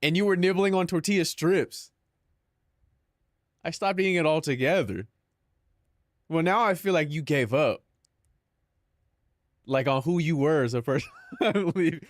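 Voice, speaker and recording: A man's voice: a little high, lively intonation, measured pace, long pauses, no room sound, clean studio sound. A young man chatting casually on a live stream, joking and mock-dramatic with lots of filler words.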